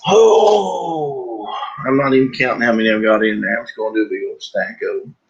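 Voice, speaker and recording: A man hosts a casual livestream, rambling and joking as he packs books. His voice sits at a middling pitch. The stream audio is dull and lo-fi. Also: a little fast, husky. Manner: joking, rambling, breaks into laughter. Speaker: livestream host. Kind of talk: casual live-stream chat.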